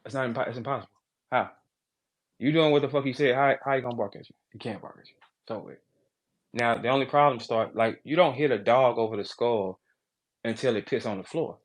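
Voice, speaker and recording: A man hosting a podcast, ranting in a brash, profane, animated way, jumping between loud outbursts and low asides. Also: fairly quick. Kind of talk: casual podcast rant.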